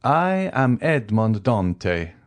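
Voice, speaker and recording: A grave, implacable avenger, as a male narrator puts him on, speaking slowly and solemnly. His voice sits a little low and stays controlled. It belongs to a storybook reading. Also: sing-song. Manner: measured, solemn, slow delivery. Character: cold, vengeful man returned from prison, calm and grave.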